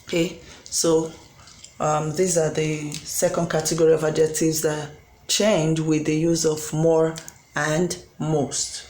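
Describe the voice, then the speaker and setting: Slow careful grammar tutor, mellow voice, lots of ums, roomy echo and a faint hum behind. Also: mid-range voice, little pitch movement. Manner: slow and deliberate, spells out letters, frequent ums. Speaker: English tutor. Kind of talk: recorded grammar lesson.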